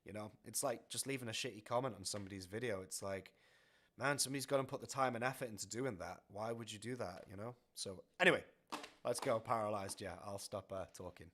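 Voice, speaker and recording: Excitable guy reacting to metal. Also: lowish voice, fast talker. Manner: rambling, excitable, laughs often, many fillers. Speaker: music reaction streamer. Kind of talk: casual chat over album playback. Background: heavy metal music playing faintly.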